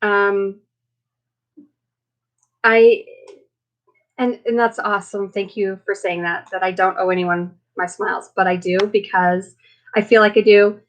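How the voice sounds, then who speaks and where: A woman's voice: mid-range voice, steady tone, measured pace, long pauses. A woman hosting a casual live chat with viewers, chatty and rambling, with many fillers, tired and emotional after being sick. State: recovering from illness, emotional. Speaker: livestream host.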